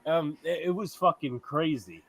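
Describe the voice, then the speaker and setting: Profane, animated man telling stories. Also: on the high side, normal speed, creaky, a crowd in the background. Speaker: podcast host. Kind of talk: casual sports podcast storytelling.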